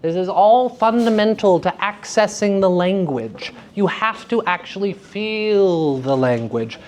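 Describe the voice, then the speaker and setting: A man teaching a class of young actors, lively and enthusiastic, often checking in with questions to his students. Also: sits high, measured pace, slight background noise. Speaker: theater teacher giving a lecture. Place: school hall with student audience.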